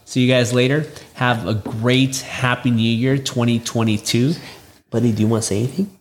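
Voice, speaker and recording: A man's voice: medium pitch, fairly quick. A man co-hosting a late-night couples podcast, talking casually with fillers, sounding tired. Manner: relaxed, fillers, repeats catchphrase. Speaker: podcast co-host. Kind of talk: casual chat.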